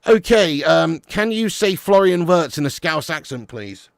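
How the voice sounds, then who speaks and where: Gravelly football-stream host. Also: male voice, fairly high pitch, animated, unhurried, no echo, studio quality. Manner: blunt and casual, swears, says "lad" and "mate". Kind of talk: live-stream fan chat reading viewer comments.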